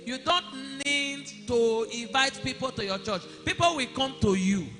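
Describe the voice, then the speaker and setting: A man with a high voice and preaches to his congregation, checking in with "are you hearing me" and climbing to shouts. His voice carries a long church-hall reverb, with music clearly playing underneath. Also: expressive, a little slow. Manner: rhetorical questions to the congregation, rising to shouts. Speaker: pastor. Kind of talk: sermon.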